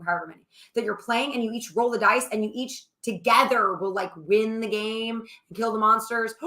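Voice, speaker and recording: A woman's voice: on the high side, bright, forceful tone. A woman co-hosting a casual chat show with her husband, rambling through long stories in a chatty way. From New Orleans area. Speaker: co-host, wife of the host. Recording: echoey room.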